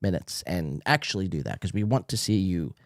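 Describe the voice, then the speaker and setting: A man's voice: low voice, lively intonation, a little fast, dry recording, clean studio sound. A man hosting a podcast, giving sarcastic, mocking commentary on video clips with lots of swearing. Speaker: podcast host.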